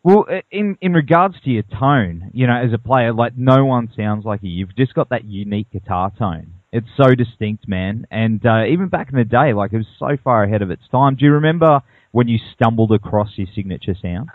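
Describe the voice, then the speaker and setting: A man's voice: mid-range voice, animated, a little fast, no room sound. An Australian man hosting a radio interview, keen and fan-like, often calling his guest man. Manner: enthusiastic, fan-like, says man a lot. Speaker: radio show host. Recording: tinny dry lo-fi sound.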